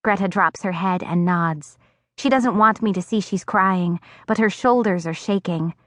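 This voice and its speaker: A woman narrating a first-person audiobook in an expressive storytelling voice, recorded on a close studio mic. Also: fairly low pitch, measured pace, no room sound. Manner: expressive, acting out dialogue.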